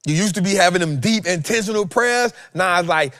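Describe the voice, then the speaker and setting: A man hosting a show, giving a preachy motivational talk, swinging between loud and soft and repeating his phrases. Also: high voice, a little fast, no room sound, studio quality. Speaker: host.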